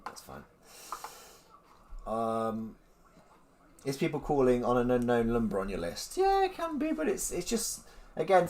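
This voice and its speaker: A man hosting a livestream, chatting casually with lots of ums and reading out viewer comments. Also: medium pitch. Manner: rambling, lots of ums, mock-incredulous asides. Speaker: livestream host.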